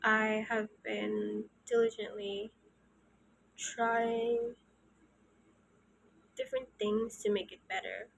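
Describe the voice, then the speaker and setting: A woman in her early twenties, soft-spoken and hesitant, talking openly to her channel in a casual, confessional way. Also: a little high, little pitch movement, slow, creaky, long pauses, slight background noise, poor audio. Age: early 20s. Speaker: channel host.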